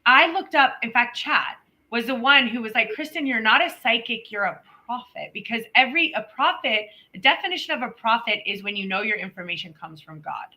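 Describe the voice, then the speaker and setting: A woman co-hosting a podcast, telling stories in animated casual chat with quick asides. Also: on the high side, rough recording. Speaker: podcast co-host.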